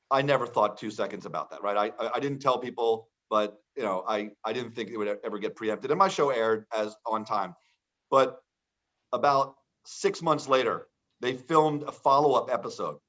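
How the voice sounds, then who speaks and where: A man's voice: mid-range voice, moderate pace, a bit bright. A man telling a casual story in conversation, acting out the lines of the people in it. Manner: chatty storytelling with quoted dialogue. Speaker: entrepreneur guest. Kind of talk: casual anecdote. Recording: dull lo-fi sound.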